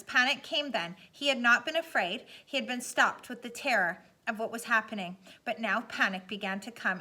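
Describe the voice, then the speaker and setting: A woman narrating a novel aloud in a steady, dramatic reading. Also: on the high side. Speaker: audiobook narrator. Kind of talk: scripted narration.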